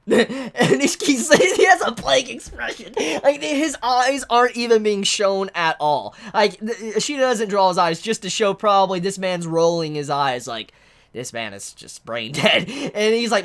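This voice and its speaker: A woman reviewing a manga chapter in a casual vlog, excitable and exasperated, swearing freely. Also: on the high side, normal speed.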